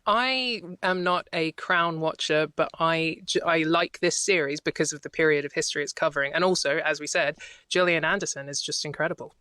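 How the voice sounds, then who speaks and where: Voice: mid-range voice, fairly quick, sharp tone, clear, resonant tone, dry recording. A co-presenter of a TV review show, chatting casually with wry, opinionated remarks. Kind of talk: casual chat.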